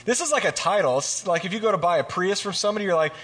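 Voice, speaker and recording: A man giving a casual, joking sermon, retelling scripture and acting out the characters in quick voices. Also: sits high, expressive, fairly bright tone, breathy edge. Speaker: preacher.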